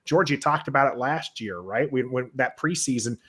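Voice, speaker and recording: A man talking as a panelist in a casual sports roundtable, loose and joking, with halting restarts. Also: mid-range voice, fairly bright tone, slightly rough.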